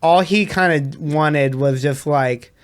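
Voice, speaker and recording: A man, a DJ, telling a story in a casual, animated way and laughing often. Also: on the high side, slow. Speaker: DJ guest.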